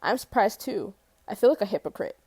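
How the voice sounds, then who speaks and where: A woman's voice: medium pitch, lively intonation, brisk, a little mellow, breathy edge, no echo. A woman reading a first-person novel aloud in a casual way, correcting her slips and swearing at them. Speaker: audiobook reader.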